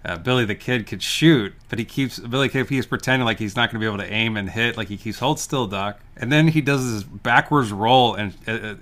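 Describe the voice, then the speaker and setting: A man co-hosting a movie podcast, chatting casually and retelling scenes with laughs and quick restarts. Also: medium pitch, fairly bright tone. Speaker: podcast co-host. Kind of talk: casual movie review chat.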